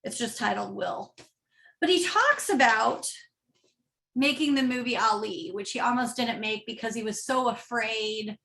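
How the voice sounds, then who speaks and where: A woman's voice: fairly high pitch, fairly bright tone. A woman pastor preaching a sermon in a conversational way, often checking in with the congregation. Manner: conversational, often asking "right?". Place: church.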